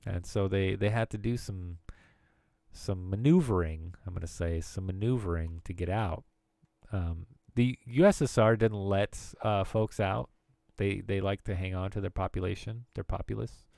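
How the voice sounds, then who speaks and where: A man in his late thirties from the former Soviet Union streams from home, rambling casually, laughing often and restarting sentences. His low, warm voice has vocal fry and moves at a normal speed. The studio-quality recording has no room sound.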